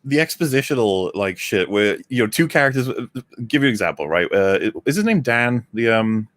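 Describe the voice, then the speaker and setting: A man's voice: mid-range voice, animated, brisk, a bit bright. A man in casual chat as a podcast co-host, acting out lines of dialogue and swearing freely. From England.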